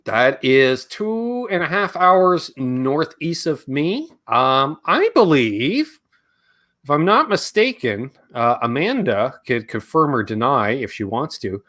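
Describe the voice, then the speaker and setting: A man's voice: mid-range voice, very animated, slow, fairly bright tone. A Canadian man hosting a live Q&A stream, casual and rambling, joking around and reading chat comments aloud.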